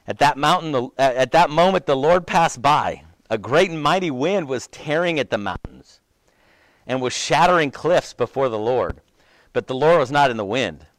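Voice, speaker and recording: Man, pastor, casual sermon, slightly high voice, animated then hushed, dry close sound. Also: no room sound. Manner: animated and conversational, dropping to a near whisper at times.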